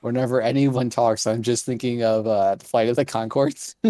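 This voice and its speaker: A man's voice: mid-range voice, moderate pace, warm tone, no echo. A man co-hosting a casual podcast chat, hesitant and chuckling mid-sentence.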